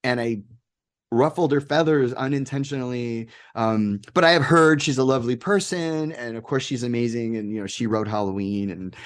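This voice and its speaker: Male guest, casual storyteller, rambling and animated, middle pitch. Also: moderate pace. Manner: animated, rambling anecdotes with laughs and quoted voices. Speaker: interview guest, game maker.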